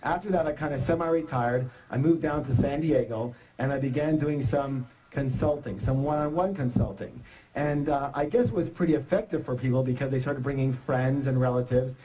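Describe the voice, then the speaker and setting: A middle-aged man giving an energetic motivational seminar talk, joking and quizzing the audience. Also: medium pitch, fairly quick, rough recording. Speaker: seminar speaker.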